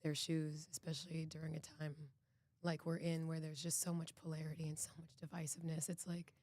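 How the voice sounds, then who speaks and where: An earnest, reflective woman from Boston speaks as a podcast guest. Her voice is low and stays fairly level. She often restarts her sentences. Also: completely flat delivery, fairly quick, a little mellow, no echo. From Boston, United States. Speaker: actress and executive producer, guest. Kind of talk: casual podcast interview.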